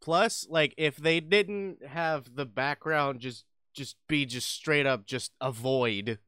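A young man chats about consoles and games with his co-host, reacting easily and swearing now and then. His voice is bright and smooth. The recording is dry and close. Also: medium pitch, takes it slowly, dry recording. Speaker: podcast co-host. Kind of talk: casual gaming chat.

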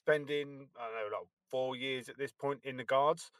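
An ex-Guardsman eases into his story with lots of ums and yeahs, then picks up pace at the telling moments. His voice is mid-pitched and dry, close to the mic. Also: steady tone, normal speed, fairly bright tone, smooth, dry recording. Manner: hesitant, filler-heavy storytelling. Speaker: podcast co-host, ex-Guardsman. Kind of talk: casual anecdote.

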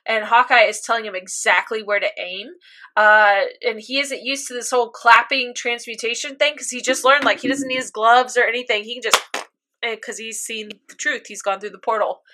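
Young woman, animated recap, bright voice, slightly high. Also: a little fast. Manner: animated storytelling, acts out reactions. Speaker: podcast co-host recapping an anime. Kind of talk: casual chat.

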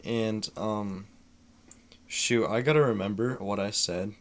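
A man's voice: lowish voice, slow. A young man in casual chat, telling a funny story with frequent laughs. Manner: laughs often, animated storytelling.

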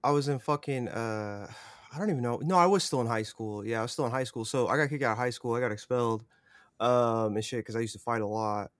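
A man's voice: mid-range voice, fast talker, no room sound. A young man, a podcast guest, telling a rambling story in casual chat, full of swearing and fillers.

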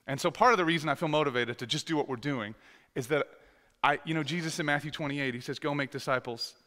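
A man's voice: a little high, fast, bright, forceful tone. A male pastor preaching a sermon, telling stories with lots of quoted dialogue and restarts. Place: church sanctuary. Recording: long church hall reverb.

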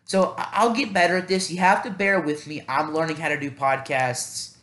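A man's voice: a little high, fairly even intonation, normal speed, a bit bright. Rambling man on an echoey podcast. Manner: rambling, self-deprecating, thinking aloud with many fillers. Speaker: podcast host. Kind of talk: casual solo podcast talk.

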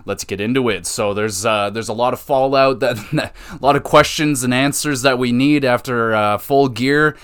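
A man hosting a podcast, reviewing wrestling shows in an excitable, casual way, laughing and swearing freely. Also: mid-range voice, normal speed, clear, resonant tone. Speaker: podcast host.

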